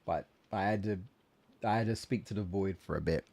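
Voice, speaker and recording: A man's voice: sits low, a little fast, a little mellow. A man streaming a video game, rambling about content creation with frequent restarts and swearing. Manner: rambling, self-deprecating, swears, many restarts. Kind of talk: casual let's-play commentary.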